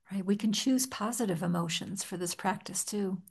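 A woman leading a guided meditation in a gentle, soft-spoken manner, with long pauses. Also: on the low side, slightly rough. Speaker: meditation teacher.

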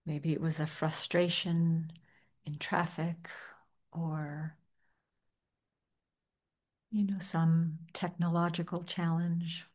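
A woman guides a meditation in an unhurried, gentle voice, leaving long pauses between phrases. Her voice sits a little low and stays soft-spoken throughout. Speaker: meditation teacher.

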